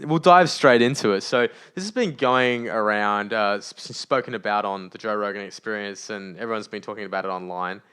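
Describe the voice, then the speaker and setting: Joking podcast host with a smooth voice. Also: male voice, fairly low pitch, brisk, hardly any pauses. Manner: animated, joking, often laughing. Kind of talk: casual chat. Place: large open room.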